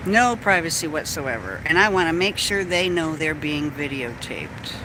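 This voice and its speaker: A woman's voice: sits low, lively intonation, normal speed, hardly any pauses, background noise. A woman from Texas filming police from her car, with a mocking running commentary full of swearing. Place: inside a parked vehicle.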